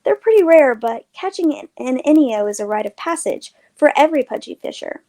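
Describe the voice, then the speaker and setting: A woman's voice: expressive, brisk. A woman doing a breezy, teasing teenage girl. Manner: breezy, confident, higher and louder than the narration. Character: upbeat teenage girl, teasing local fisher's daughter.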